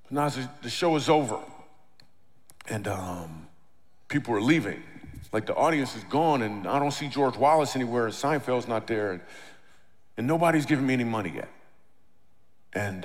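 A middle-aged man on stage doing stand-up storytelling, animated, acting out the lines of the people in his story. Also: mid-range voice. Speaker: comedian and speaker. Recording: long reverb of a large hall.

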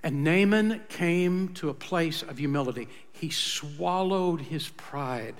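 A male pastor preaching a sermon, retelling a story dramatically and swinging between loud passages and hushed ones. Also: on the high side, slow, long reverb tail.

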